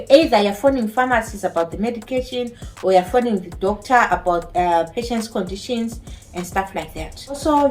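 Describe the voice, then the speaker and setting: A care home nurse with a non-native English accent speaks earnestly and emphatically to camera in a personal vlog, repeating key phrases. Her voice is a little high and slightly mellow, and the recording is low quality.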